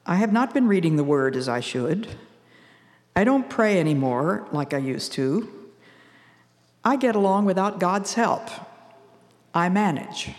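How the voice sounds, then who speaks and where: An older woman giving an earnest, measured radio devotional talk, quoting scripture as she teaches. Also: fairly low pitch, sing-song, big-room sound.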